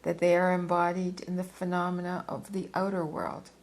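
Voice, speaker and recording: Female reader, low gravelly voice, unhurried and deliberate, reads a philosophy text with occasional asides. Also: level tone, poor audio. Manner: measured, deliberate reading with occasional asides and self-corrections. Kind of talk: reading a philosophy book aloud.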